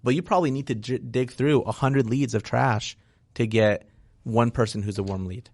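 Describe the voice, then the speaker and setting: A man's voice: mid-range voice, moderate pace, a little mellow, dry recording. A man speaking as a real estate investor guest in a casual interview, frank and explanatory, often tagging "right?" onto his points.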